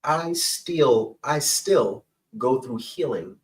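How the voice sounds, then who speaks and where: Middle-aged male guest, emphatic and candid, mid-pitched, recorded slightly away from the mic. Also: lively intonation, slow pace, distant mic, poor audio. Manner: earnest, emphatic, frequent "right?" and "okay?" asides. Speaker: podcast guest, counselor and pastor. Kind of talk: candid personal storytelling in an interview.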